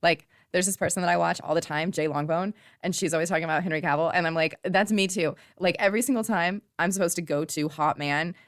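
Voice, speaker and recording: A woman vlogging about upcoming movies in a casual, gushing and animated way, with sarcastic asides. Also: lowish voice, quick pace, hardly any pauses, dry recording, clean studio sound. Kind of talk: casual chat.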